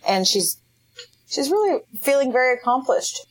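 A woman's voice: sits high, big pitch swings, normal speed. A woman co-hosting a casual podcast chat, teasing playfully and giggling often. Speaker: podcast co-host.

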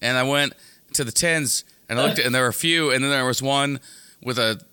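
A man's voice: mid-range voice, a little fast, pushed and bright, clear, resonant tone. A man co-hosting a podcast in casual comedic banter, rambling and cutting himself off on jokey tangents. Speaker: podcast co-host.

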